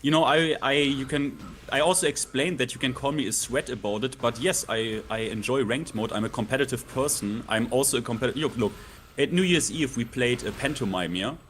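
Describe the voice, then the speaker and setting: A man's voice: mid-range voice, brisk, fairly bright tone. Earnest man with faint background hiss. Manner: earnest, argumentative, asks rhetorical questions. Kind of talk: casual chat on a gaming stream.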